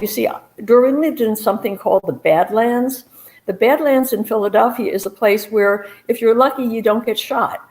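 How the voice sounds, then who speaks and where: A woman telling a story on stage in a brisk, animated voice that pokes fun at herself. Her pitch sits in a middle range, neither high nor low. The delivery is conversational and personal. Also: vocal fry. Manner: brisk, animated, self-mocking. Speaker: storyteller, investigator. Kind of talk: live first-person storytelling.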